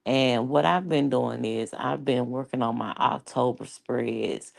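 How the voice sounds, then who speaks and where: A woman with an Atlanta accent rambles to her viewers in a loose, chatty vlog, cursing as she goes. Her voice sits very low and gravelly, and she takes her time. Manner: rambling, chatty, swearing freely. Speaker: YouTube vlogger. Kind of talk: casual chat to viewers.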